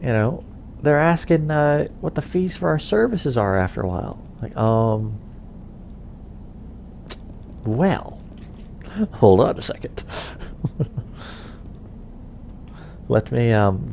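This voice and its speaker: A man's voice: mid-range voice, animated, unhurried, gravelly, long pauses, a little mellow, slight background noise. A young man chatting casually while playing a game, rambling with chuckles and lots of fillers. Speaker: gaming channel host.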